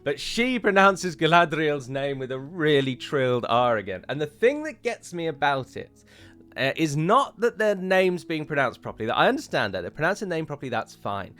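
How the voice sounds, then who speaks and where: A man's voice: on the high side, sing-song, moderate pace, fairly bright tone, faint music behind. A man, chatting casually and with opinions as he reviews a trailer for his viewers, with frequent fillers and self-corrections.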